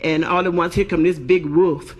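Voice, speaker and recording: A woman's voice: fairly low pitch, steady tone, moderate pace. A woman telling raunchy stand-up jokes on a live stage, brash and cussing. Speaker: stand-up comedian.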